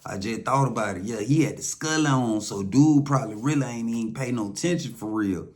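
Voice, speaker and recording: A man with an Atlanta Southern accent telling a first-hand story casually, profane and loose, acting out quotes with lively voices. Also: medium pitch, fairly quick. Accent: Southern American, Atlanta.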